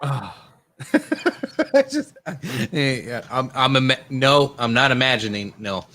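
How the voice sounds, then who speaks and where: A man with a bright, forward voice recorded close and dry. He hosts a casual podcast, reading viewer comments haltingly and stumbling over ums. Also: medium pitch, very animated, dry recording. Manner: halting, full of ums, giggly. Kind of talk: casual chat.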